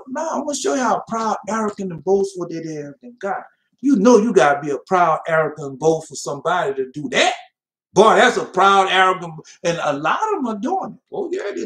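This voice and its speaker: Man preaching hard, high voice, goes loud then quiet, reads scripture real slow, room echo. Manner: emphatic, swinging from loud to soft, mocking asides; slow, drawn-out scripture reading. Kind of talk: fiery Bible-study sermon.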